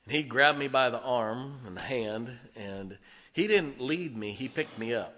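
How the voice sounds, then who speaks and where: A middle-aged man from near Lake Erie tells a childhood story in a plain, folksy way. His voice is bright and forceful. The recording carries the long reverb of a big hall. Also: medium pitch, a little slow, a little hiss or hum. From northern Ohio, near Lake Erie. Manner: folksy, conversational, acts out quoted dialogue. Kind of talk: personal storytelling.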